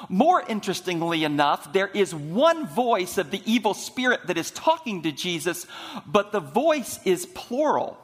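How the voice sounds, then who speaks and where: High-voiced preacher in a reverberant sanctuary. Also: male voice, fairly bright tone. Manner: storytelling preacher, slows down for emphasis. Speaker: senior minister. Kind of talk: sermon. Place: church sanctuary. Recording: long reverb of a large sanctuary.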